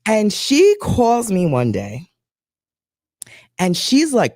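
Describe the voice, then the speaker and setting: A woman hosting a casual talk show, telling a gossipy story in an animated way and acting out what others said. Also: medium pitch, slow pace, pauses often, no room sound, studio quality. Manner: animated, gossipy, acts out quotes. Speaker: show host.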